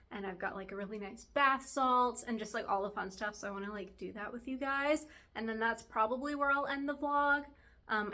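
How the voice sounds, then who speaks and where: A woman's voice: mid-range voice, fairly bright tone. A woman vlogger chatting casually to camera while baking in her home kitchen, rambling and laughing often.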